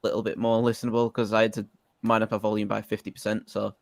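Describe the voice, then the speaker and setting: A man as guest co-host on a music reaction stream, measured and technical in casual chat. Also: lowish voice, little pitch movement, vocal fry, no room sound.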